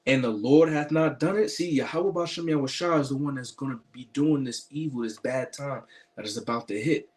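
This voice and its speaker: A man's voice: mid-range voice, moderate pace, a little mellow. Emphatic preaching man, full of fillers. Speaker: online preacher and commentator. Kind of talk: spiritual commentary sermon.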